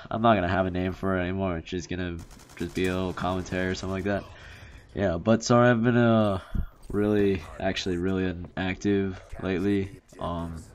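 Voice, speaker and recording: Low-voiced young man rambling casually. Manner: rambling, frequent fillers and restarts. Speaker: commentary youtuber. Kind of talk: casual storytelling commentary. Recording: faint background noise.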